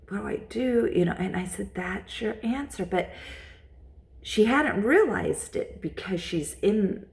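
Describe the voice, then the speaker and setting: A woman's voice: lowish voice, vocal fry, a little mellow. A woman vlogger telling a personal story in a casual, rambling way, repeating herself and using lots of fillers.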